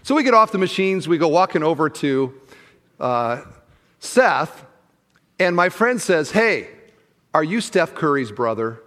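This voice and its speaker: A male pastor delivers his sermon in a slightly raised voice that carries a long echo from the large church space around him. He tells his story with animated energy, giving each person in it their own voice. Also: on the high side, slow pace, long pauses. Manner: animated storyteller who acts out the people in the story.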